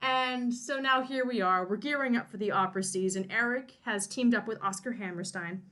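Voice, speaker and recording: A woman's voice: on the high side, normal speed, pushed and bright. A woman co-hosting a podcast, casually recapping a novel in a rambling, wry way with many restarts. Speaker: co-host summarizing a novel.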